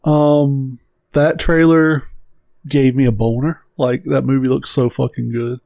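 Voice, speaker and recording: A man with a mid-range voice co-hosts a casual podcast. He gives blunt, profane opinions and gets animated as he rants. The recording is close and dry. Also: medium pitch, unhurried, vocal fry, no echo. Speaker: podcast co-host. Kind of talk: casual chat.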